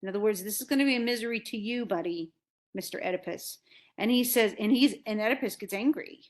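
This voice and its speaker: A woman teaching literature in a loose, conversational lecture. She slips in and out of the characters' voices as she retells the story. Her pitch sits at an ordinary middle level for a woman. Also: fast talker. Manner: casual, acts out characters' lines in paraphrase. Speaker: literature instructor. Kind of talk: recorded lecture retelling a play.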